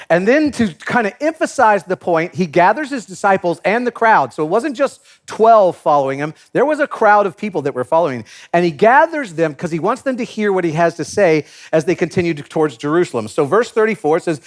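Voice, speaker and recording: Brief: a male pastor delivering a sermon, jokey, acts out the quotes, high and highly expressive. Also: brisk. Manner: animated storyteller acting out quotes, joking.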